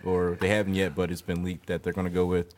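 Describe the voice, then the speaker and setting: A young man co-hosting a casual podcast, relaxed, steering the talk to new topics. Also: low voice, fast. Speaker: podcast co-host. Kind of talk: casual chat.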